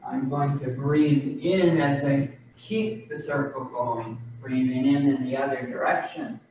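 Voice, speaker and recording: A man leads a qigong class at a very slow, unhurried pace, calmly talking students through each breath and movement. He is heard from a distance in a very echoey room. The sound is dull and muffled, like a video call. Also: mid-range voice, slight background noise. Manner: slow, calm breathing cues. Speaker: qigong instructor.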